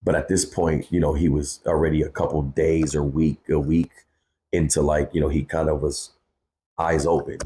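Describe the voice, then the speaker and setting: Podcast guest, man in his 30s, very low voice, raw and candid storytelling. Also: flat delivery, moderate pace, warm tone, slight background noise. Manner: candid, cursing freely, says "bro" often. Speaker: guest, hip-hop artist. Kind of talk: emotional personal storytelling.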